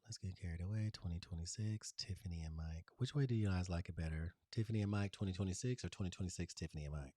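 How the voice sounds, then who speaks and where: A man's voice: low-pitched, fast, few pauses, dark tone, no echo, clean studio sound. A man hosting a casual design tutorial, chatting to viewers in a gushing, playful way. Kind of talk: casual screen-share tutorial.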